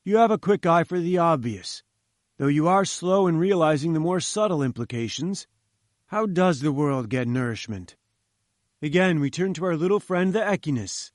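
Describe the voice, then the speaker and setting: A man's voice: a little high, expressive, normal speed, no room sound, studio quality, natural voice. A man reading the lines of a pompous, condescending male professor who lectures in a lofty, patronizing manner. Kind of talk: audiobook character voice.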